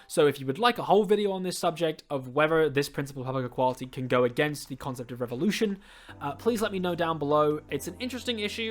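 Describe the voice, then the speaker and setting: Fast-talking young man. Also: on the high side. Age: young adult. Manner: earnest, academic with frequent "uh" fillers. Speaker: student video creator. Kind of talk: explainer video.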